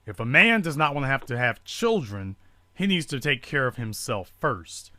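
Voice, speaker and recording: A man hosting a call-in talk show, delivering a forceful, rhetorical monologue built on repeated emphasis. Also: mid-range voice, big pitch swings, moderate pace, no echo.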